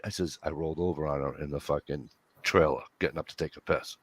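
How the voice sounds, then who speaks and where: A man casually telling a story among friends, profane and animated, acting out what everyone said. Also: very deep voice, fast talker. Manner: profane, animated storyteller who acts out quotes. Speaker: host.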